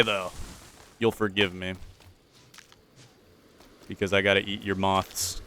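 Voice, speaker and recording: A man's voice: low voice, level tone, slow, bright, forceful tone, a little hiss or hum. A young man casually commentating a survival game, playful and joking, talking to the game's characters. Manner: playful, talks to game characters, jokey pirate voices. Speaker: gameplay commentator.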